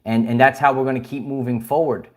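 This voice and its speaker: A man's voice: mid-range voice, steady tone, fast talker, darkish tone. Rambling man hosting a late-night livestream. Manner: rambling, many restarts, chuckles often; reads viewer comments and greets the audience. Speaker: livestream host. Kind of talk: casual spiritual livestream chat.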